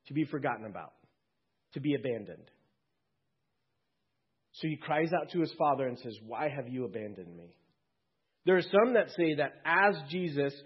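A man preaching a sermon to his congregation in a conversational way, with quick asides and jokes. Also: on the high side, husky, dull audio. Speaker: pastor.

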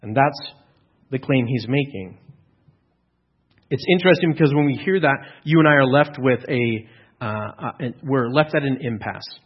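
A man with a husky, slightly breathy voice delivers a teaching sermon in an earnest, explanatory way. His phrases often restart, with a few fillers as he works through the point. The recording sounds dull and lo-fi. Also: medium pitch. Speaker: pastor.

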